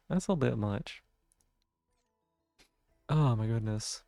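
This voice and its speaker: A giggly woman streamer on a close desk mic, talking slowly, worn out from laughing fits late at night. Her voice is dry and close, with faint music underneath. She stays playful, chatting to viewers and to herself. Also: low-pitched, mellow, dry recording. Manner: playful, talks to chat and to herself. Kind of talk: casual live game commentary.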